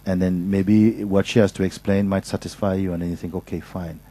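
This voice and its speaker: A man speaking as a spiritual teacher, patiently and softly giving advice at a gathering, often restarting his sentences. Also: low-pitched, level tone, brisk, low-quality recording. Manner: patient, soft-spoken, with frequent restarts. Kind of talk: gentle advice in a question session.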